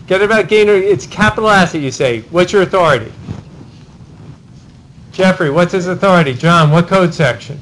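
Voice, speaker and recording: A male law professor teaching a class Socratically, calling on students by name and checking answers with quick "right?" tags. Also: sits high, a bit bright, a little hiss or hum, poor audio. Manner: rapid cold-calling of students, tag questions like "right?". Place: university classroom.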